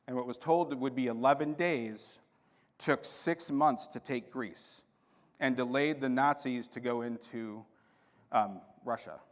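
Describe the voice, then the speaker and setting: A man giving a storytelling talk at a conference, acting out voices in his anecdotes. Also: medium pitch. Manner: animated anecdotes with quoted dialogue. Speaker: conference speaker. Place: conference hall. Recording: hall reverb.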